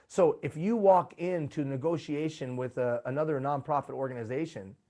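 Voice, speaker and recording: A man's voice: fairly high pitch, a little mellow. A man presenting a live workshop, talking emphatically and putting rhetorical questions to his audience. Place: live event room.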